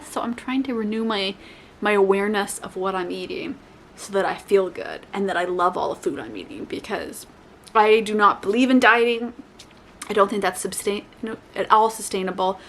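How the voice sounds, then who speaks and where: A woman's voice: medium pitch, slight background noise. Chatty woman vlogging self-care tips. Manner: rambling, self-correcting, with quick asides; lively, playful asides to viewers. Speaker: lifestyle vlogger. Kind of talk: casual chatty advice to camera.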